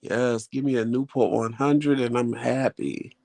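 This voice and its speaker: A man's voice: mid-range voice, measured pace, vocal fry. A man hosting a vlog, chatting casually and telling stories in a loose, colloquial way, talking straight to his viewers. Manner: animated storyteller, acts out quoted talk. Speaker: vlog host. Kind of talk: casual chat.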